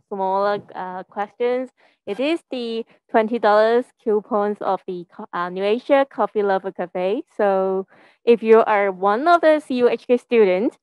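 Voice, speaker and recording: A woman's voice: medium pitch, a little mellow, clear, resonant tone, dry recording, poor audio. A woman hosting a student event, speaking politely and formally with small hesitations. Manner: polite, formal, slightly halting.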